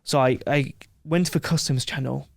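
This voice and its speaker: A man as a podcast guest, telling rambling, animated anecdotes with frequent laughs in a casual interview. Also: medium pitch, moderate pace, vocal fry, no room sound, studio quality.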